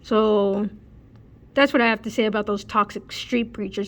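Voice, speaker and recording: A woman's voice: medium pitch, flat delivery, normal speed. A woman sharing spiritual thoughts in a casual, earnest way, repeating phrases and using fillers like "um" and "you know.". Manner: mimics preachers in a raised, heated voice. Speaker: spiritual vlogger. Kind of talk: casual spoken reflection to camera.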